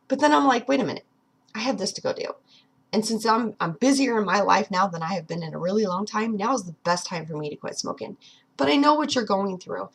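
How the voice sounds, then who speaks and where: A woman in her thirties talking earnestly and directly to viewers in a motivational personal vlog. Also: medium pitch. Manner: earnest, pep-talk, addresses viewers directly. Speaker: vlogger.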